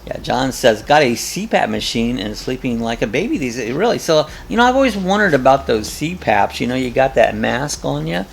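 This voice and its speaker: Gravelly-voiced man hosting a rambling chat. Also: medium pitch, sing-song, brisk, hardly any pauses, slight background noise. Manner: easygoing, rambling, chatty. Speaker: host. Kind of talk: casual live chat, reading viewer comments aloud.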